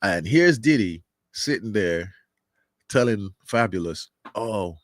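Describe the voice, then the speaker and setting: Low-voiced man rambling through commentary. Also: expressive, moderate pace, a bit bright, no echo, studio quality. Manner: rambling, repeats words and restarts, many fillers. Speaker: commentary channel host. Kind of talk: casual commentary monologue.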